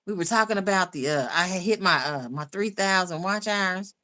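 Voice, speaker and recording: Speaking at a moderate pace, this YouTube livestream host has a mid-range voice that sounds pushed and bright. She keeps the live chat casual and loose, laughing a lot as she reads out what viewers write.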